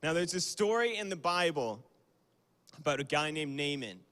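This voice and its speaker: A man's voice: on the high side, expressive, normal speed, fairly bright tone. A young man giving a casual, conversational youth sermon on a livestream, with fillers and small apologies. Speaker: youth speaker. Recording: long hall reverb.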